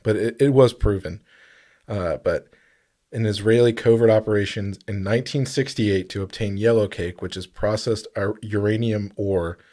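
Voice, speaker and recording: A man co-hosting a podcast in casual chat, rambling and halting with frequent fillers, sometimes reading out a story. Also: fairly low pitch, mellow. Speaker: podcast co-host.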